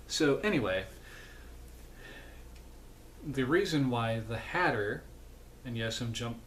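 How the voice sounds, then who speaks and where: A man's voice: mid-range voice, fairly bright tone. A man talks through a film recap from home, sleepy and rambling. He keeps correcting himself and adds chatty asides in a mid-range voice. A faint hiss runs under the recording. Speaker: vlogger.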